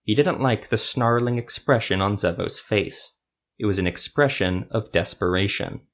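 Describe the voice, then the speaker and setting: A man narrates a fantasy story in a steady, low voice. He reads at an even storytelling pace. The delivery is scripted and unhurried.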